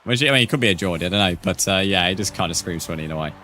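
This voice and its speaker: Racing through his words, a young man with a deep, bright, forceful voice streams a game live. He reads chat, talks casually with viewers, and swears without holding back, with a little hiss or hum in the recording.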